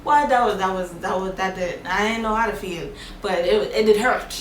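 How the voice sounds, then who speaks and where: A woman vlogger telling a personal story in a casual, animated, plain-spoken way. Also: mid-range voice, moderate pace. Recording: echoey room, faint background noise.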